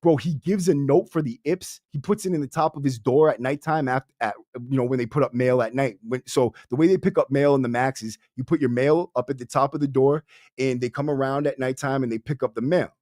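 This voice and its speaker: A man's voice: mid-range voice, brisk, darkish tone, no room sound, clean studio sound. A young man hosting a podcast, telling a story in a casual, streetwise, profane way, full of "bro". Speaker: podcast host. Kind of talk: casual storytelling to a livestream audience.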